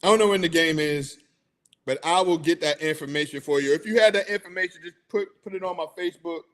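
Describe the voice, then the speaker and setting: A man's voice: on the high side, quick pace, a bit bright. A middle-aged man hosting a casual sports talk show, chatty and hyped, laughing often.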